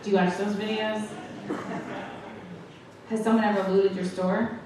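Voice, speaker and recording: A woman's voice: mid-range voice, flat delivery, a little slow. A woman comedian with a New York accent doing brash, profane crowd work on a club stage. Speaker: stand-up comedian. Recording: echoey live club audio from a distance. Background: audience noise.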